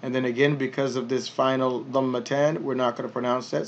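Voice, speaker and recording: A man's voice: medium pitch, little pitch movement, slight background noise. Patient man teaching pronunciation, lo-fi. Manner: patient, explains step by step, repeats words slowly. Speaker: Arabic teacher. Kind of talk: pronunciation lesson.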